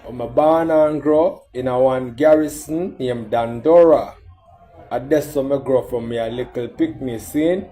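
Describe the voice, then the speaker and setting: A man's voice: mid-range voice, a little slow, warm tone. A man from Kenya talking to the camera in casual, earnest patois, repeating himself for emphasis. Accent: Kenyan speaking learned Jamaican patois. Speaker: social media commenter. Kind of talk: casual direct-to-camera talk.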